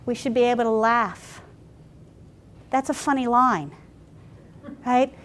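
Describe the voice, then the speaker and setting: A woman pastor telling stories in a workshop talk, animated and chatty with frequent restarts. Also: a little high, slow pace.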